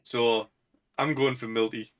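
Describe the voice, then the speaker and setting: A man's voice: mid-range voice, steady tone, a little slow, fairly bright tone, poor audio. A young man with a Northern English accent, co-hosting a casual podcast chat and rambling with lots of fillers. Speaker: podcast co-host.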